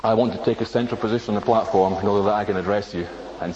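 A man preaching a sermon from a platform to an audience, emphatic, slowing down to stress single words. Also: lowish voice, fairly even intonation, a crowd in the background. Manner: acts out inner voices of listeners. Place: speaking from a platform before an audience. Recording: dull lo-fi recording with faint noise.

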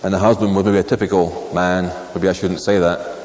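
A man preaching a sermon, reading scripture slowly and emphatically, then telling stories with dry, wry asides. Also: flat delivery, a little mellow, slight background noise. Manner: measured, emphatic, drops low on key words. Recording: long reverb of a large hall.

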